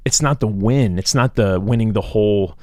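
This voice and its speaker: A man's voice: on the low side, normal speed, a little mellow, no room sound, clean studio sound. A man hosting a podcast, chatting casually and reflecting on his own experience with many fillers. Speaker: podcast host. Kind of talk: casual conversation.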